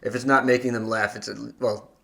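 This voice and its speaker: Quick, gravelly male podcast host. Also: mid-range voice. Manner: relaxed, friendly, quick prompting questions. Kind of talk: casual interview chat.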